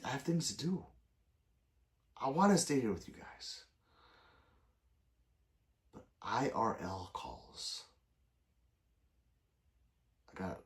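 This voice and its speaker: A middle-aged man hosts a late-night livestream, chatting loosely with viewers at his desk mic and reading their messages aloud. His talk rambles and is peppered with swearing. His pitch swings widely, rising and dropping from phrase to phrase. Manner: loose and rambling, swears often, answers chat by name. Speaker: livestream host reading chat.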